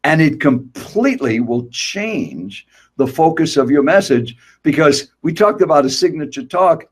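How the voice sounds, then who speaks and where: A man's voice: a little high, sing-song, unhurried, slightly rough. An older man teaching public speaking, emphatic and direct, asking rhetorical questions. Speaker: guest speaker. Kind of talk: motivational speaking coaching.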